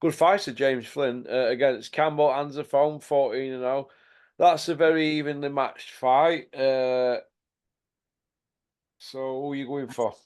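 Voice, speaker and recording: A man's voice: medium pitch, fairly even intonation, unhurried, a little mellow, clear, resonant tone. A man hosting a casual boxing chat, blunt and sweary, laughing often. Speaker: host.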